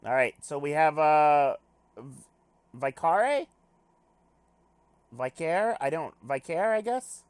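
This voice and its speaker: A man playing a game on video, reading its text aloud with casual commentary, animated and swearing casually while joking at himself. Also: fairly high pitch, measured pace, clear, resonant tone, no echo. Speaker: let's play gamer.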